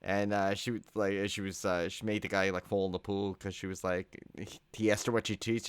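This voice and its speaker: The co-host here sounds tired, speaking at a fairly low pitch and a moderate pace with no echo. In relaxed conversation he jokes around, rambles, and keeps veering off topic.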